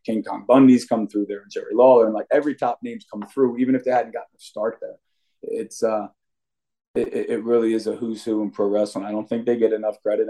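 A man's voice: on the low side, warm tone. A young adult man, a wrestler being interviewed on a podcast, talking in a brash, cocky, trash-talking way. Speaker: wrestler guest.

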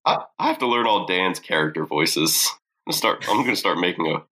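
A man's voice: deep voice, expressive, brisk, pushed and bright, low-quality recording. A man co-hosting a podcast who rants about a film with swearing and frequent restarts. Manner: swearing, ranting with a stutter of restarts. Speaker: podcast co-host. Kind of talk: casual chat reviewing a film.

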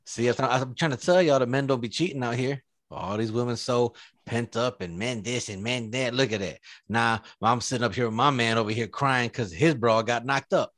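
A man's voice: mid-range voice, normal speed, a bit bright, dry recording, studio quality. A man co-hosting a podcast in casual banter, laughing often and swearing with lots of slang. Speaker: podcast co-host.

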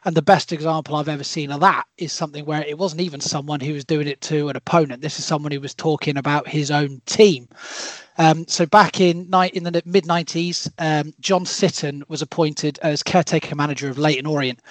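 A man on a podcast panel, telling an animated story. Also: fairly high pitch, brisk, no room sound, low-quality recording. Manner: animated, relishing profanity in quotes. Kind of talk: casual podcast anecdote.

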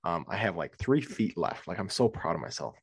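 A young man with a low voice, chatting casually as a podcast co-host. He rambles through stories and laughs often, recorded dry and close with no room sound. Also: sing-song, a little fast, gravelly, breathy edge, no room sound. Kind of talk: casual chat.

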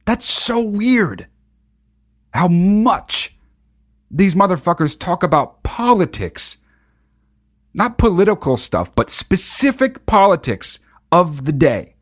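Profane, mocking comedy podcast host. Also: male voice, fairly high pitch. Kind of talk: comedic commentary on clips.

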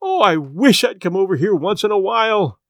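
A man reading aloud voices a grieving middle-aged farm wife, pitching his delivery above his natural voice so it sounds like a woman's voice on the low side. Anguished and very animated, she pleads with impassioned urgency, her voice rising with feeling, at a slightly slow pace. The recording is dry and studio quality.

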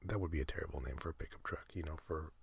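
A man hosting a sleep podcast, talking in a soft breathy whisper, slow and meandering with many fillers. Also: extremely low pitch. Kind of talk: rambling whispered sleep talk.

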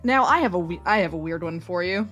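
Excitable, swearing woman at a game table. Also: fairly low pitch, soft background music. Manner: excitable, swearing, quick to laugh. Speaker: player. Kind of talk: casual tabletop game chat.

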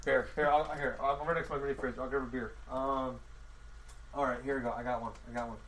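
A man's voice: medium pitch, level tone, quick pace, a bit bright, slight background noise. A man hosting a casual podcast, rambling, swearing and laughing as he goes. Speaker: podcast host. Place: home room next to a mini fridge.

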